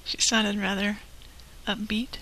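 A woman's voice: medium pitch, pushed and bright. A woman co-hosting a live show, chatting casually in a giggly, easygoing way. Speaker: co-host. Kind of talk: casual chat.

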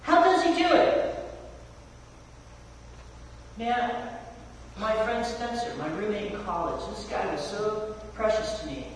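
High-voiced pastor preaching in echoey hall. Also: male voice, very animated, slow pace, pauses often. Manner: casual slangy storytelling, rhetorical questions. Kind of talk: sermon. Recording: echoey hall from far off, faint noise.

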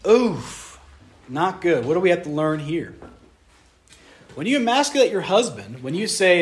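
Lively, high-voiced young male preacher. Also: normal speed. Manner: animated, acts out voices, talks to the audience. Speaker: pastor. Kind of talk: sermon on marriage.

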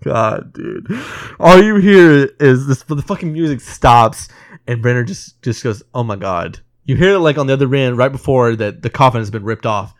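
An emotional man co-hosting a casual movie podcast, choking up as he retells the ending and acts out the characters' lines. His voice is smooth and clear at an ordinary pitch. It is recorded close and dry, with no room echo. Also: animated, normal speed. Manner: emotional, retells scenes acting out quotes, swears. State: teary. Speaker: podcast co-host. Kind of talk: casual movie review chat.

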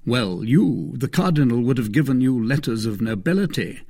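A man's voice: medium pitch, animated, moderate pace, gravelly, mellow. Man doing a scornful cloaked stranger. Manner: curt, condescending. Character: scheming male stranger in a cloak, cold and scornful.

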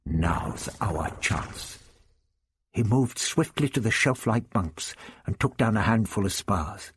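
A man reading an adventure story aloud as narrator, steady and measured. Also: fairly low pitch, slightly rough, no room sound. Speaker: audiobook narrator. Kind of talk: scripted narration.

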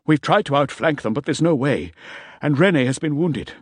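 An out-of-breath mercenary soldier, as a male narrator puts him on, reporting urgently from a pinned-down position. The voice rides slightly above the narrator's own, brisk and lively. Dry audiobook sound. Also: a little high, dry recording, voice pushed up.

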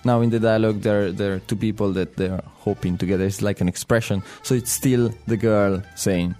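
A man's voice: fairly low pitch, steady tone, fairly quick, dark tone, soft background music. A man with an Italian accent, a native Italian speaker co-hosting a language podcast, searching for his English words with frequent chuckles. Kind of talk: casual teaching chat.

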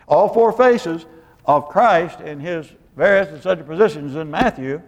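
A man's voice: a little high, expressive, measured pace, in a large hall. A man preaching a sermon in a rambling way, searching for words and quizzing his congregation. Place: church hall.

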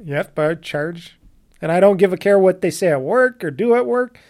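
A man's voice: sits high, animated, moderate pace, darkish tone. A man co-hosting a podcast, talking bluntly and dismissively with lots of swearing in casual chat. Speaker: podcast co-host.

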